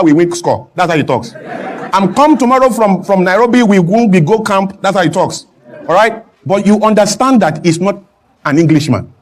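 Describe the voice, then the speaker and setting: A man from Nigeria speaks with a high voice, building his points with repetition and rising emphasis. He talks as a guest on a studio talk show. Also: darkish tone. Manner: emphatic, rhetorical, mimics broken English with laughs. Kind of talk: impassioned talk-show speech. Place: television studio with a clapping audience.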